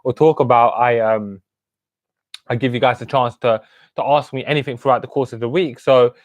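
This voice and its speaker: A man's voice: medium pitch, fairly even intonation, normal speed, no echo. A man in his twenties hosting a live stream. He chats casually and greets viewers by name with street slang. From United Kingdom. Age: 20s. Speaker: host.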